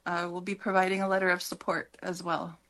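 A woman guest on a radio talk show, her voice sitting a bit low. She talks in halting runs, full of fillers and restarts. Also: little pitch movement, a bit bright. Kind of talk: casual radio interview.

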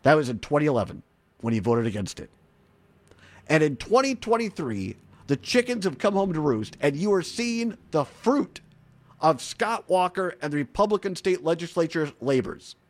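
A male talk radio host speaks from the studio in a high, strongly animated voice. He sounds mocking and opinionated, and he often breaks into laughter. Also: normal speed.

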